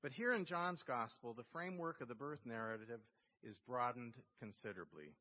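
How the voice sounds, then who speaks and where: A male pastor giving a sermon, telling a story with slow, emphatic phrasing. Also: medium pitch, animated. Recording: long reverb in a church hall, dull lo-fi sound.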